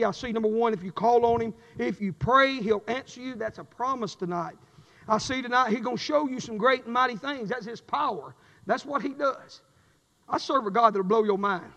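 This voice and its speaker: A man preaching a sermon with a fervent, repetitive cadence, swinging from shouts to low, intense passages. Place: church sanctuary. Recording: dull recording with long hall reverb.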